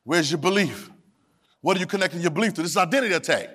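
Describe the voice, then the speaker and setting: A man preaching a sermon to a congregation, calling for responses and swinging between soft asides and shouted, sung phrases. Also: high voice, lively intonation, very fast. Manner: Southern Black church vernacular, drops verbs. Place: church sanctuary.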